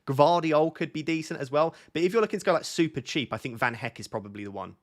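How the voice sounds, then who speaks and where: A young man hosting a casual live stream, chatting and reading out viewers' questions. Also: a little high. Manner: chatty, reads viewer questions aloud, quick asides. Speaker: fantasy football streamer.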